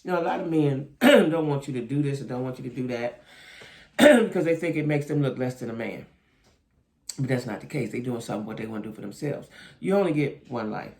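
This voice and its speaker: A man's voice: medium pitch, expressive, brisk, gravelly, a little mellow. A man giving casual, opinionated video commentary on a reality show, talking straight to his viewers and often checking in with them. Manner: chatty, opinionated, keeps asking "right?" and "you know what I'm saying?"; talks straight to viewers as "y'all".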